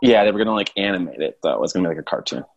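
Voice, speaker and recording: A young man with a fairly low voice, talking in a relaxed, rambling way. He keeps the conversation loose and casual, often with a chuckle. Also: rapid-fire, creaky, muffled recording. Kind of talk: casual chat.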